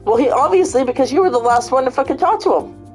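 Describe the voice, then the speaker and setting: A woman hosting a casual vlog, cursing freely as she tells an animated story. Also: high voice, quick pace, soft background music. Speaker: vlog host. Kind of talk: casual chat and retelling.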